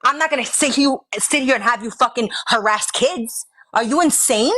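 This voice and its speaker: A woman's voice: fairly high pitch, moderate pace, sharp tone. Furious profane woman arguing. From Georgia, US. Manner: confrontational, profane, taunting. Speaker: live stream participant. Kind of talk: heated live argument.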